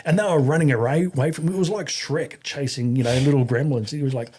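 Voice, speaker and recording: Speaking fast in a fairly high, slightly mellow voice with a breathy edge, a middle-aged Australian army veteran rambles through casual stories. He restarts often, uses many fillers, and acts out what others said.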